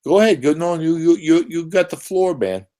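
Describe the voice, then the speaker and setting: A man's voice: a little high, normal speed, dark tone. A man hosting a casual live-stream chat who teases guests, swears freely and laughs often. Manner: teasing, profane, laughs often.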